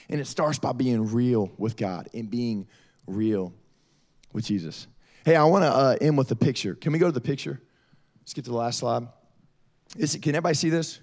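A man's voice: mid-range voice, normal speed, pauses often. A man preaching to middle schoolers as a youth pastor, telling stories. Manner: lively storytelling, addresses audience as y'all. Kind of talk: youth sermon.

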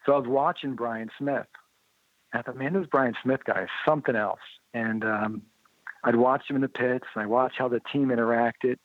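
A man being interviewed about his motorcycle writing, telling lively anecdotes in a casual way and acting out the dialogue he quotes. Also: mid-range voice, moderate pace, dry recording. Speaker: interview guest, motorcycle writer and blogger. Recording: tinny phone-like line, dry.

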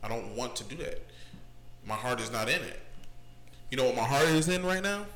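A man's voice: medium pitch, expressive, fairly quick, fairly bright tone. A man co-hosting a casual chat, laid-back and profane, talking openly about his feelings. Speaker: podcast co-host. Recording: roomy echoing room.

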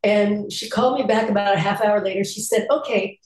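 A woman's voice: medium pitch, brisk, darkish tone, reverberant, low-quality recording. An older woman, an actress and voice actor, telling stories in a casual interview and laughing often as she talks.

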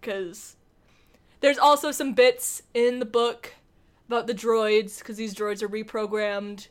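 A young woman co-hosting a podcast, chatting casually and breaking into quick, animated acted-out quotes. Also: fairly high pitch. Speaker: podcast co-host. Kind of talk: casual chat.

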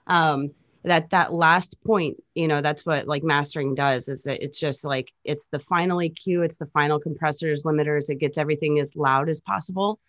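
A young woman with a low voice chats through a relaxed interview. She tells stories and walks through technical points in a friendly, chatty way. The sound is dry and close. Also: moderate pace, no room sound, highs cut off. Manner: chatty, storytelling, explains technical details. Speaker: DJ and music producer, guest. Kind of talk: casual interview chat.

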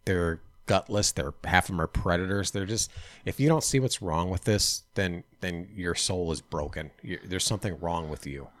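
A man co-hosting a casual talk show, halting and repeating himself, indignant. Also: low-pitched, fairly bright tone, no echo. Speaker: podcast co-host. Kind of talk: casual chat.

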